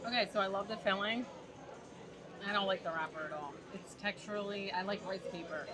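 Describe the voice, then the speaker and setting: A woman's voice: mid-range voice, brisk, over music. A woman co-hosting a casual food review vlog outdoors at a festival, giving plain, matter-of-fact tasting notes. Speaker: vlog co-host. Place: outdoors at a theme park festival. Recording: busy crowd behind, outdoors.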